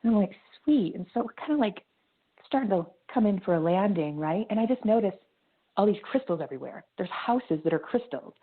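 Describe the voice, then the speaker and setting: A woman guiding a meditation in a slow, soothing voice that drifts into whispers. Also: medium pitch, animated, breathy edge. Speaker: meditation guide. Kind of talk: guided meditation narration. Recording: tinny phone-like line.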